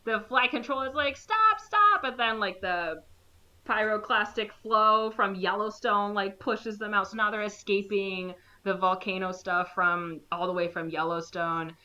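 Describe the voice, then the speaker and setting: A woman's voice: a little slow, highs cut off. A woman co-hosting a podcast, retelling a film in casual chat and acting out the characters' lines. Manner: animated, acts out characters with jumps in pitch, many "like" fillers. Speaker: podcast co-host. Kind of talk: casual movie recap chat.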